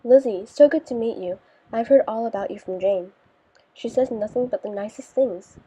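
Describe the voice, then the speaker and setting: A woman voicing a cheerful, friendly teenage boy in an audiobook, warm and upbeat. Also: fairly high pitch, moderate pace, breathy edge. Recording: dull lo-fi recording.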